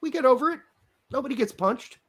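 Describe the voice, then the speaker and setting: A man co-hosting a podcast, chatting casually and ranting in an animated, self-mocking way. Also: very high voice, quick pace. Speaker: podcast co-host.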